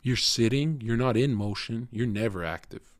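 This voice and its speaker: A man's voice: mid-range voice, moderate pace, no echo, studio quality. A young man streaming and lecturing his chat in a crude, cocky, swearing monologue. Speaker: livestreamer talking to chat. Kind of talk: casual blunt stream monologue.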